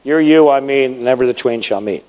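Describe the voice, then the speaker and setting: A man of middle pitch leads a live seminar on public speaking. He talks in a loose, animated way, leaning on words for emphasis. His voice carries a long reverb from a big hall. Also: moderate pace. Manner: animated, conversational, demonstrates with emphasis. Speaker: presentation skills coach.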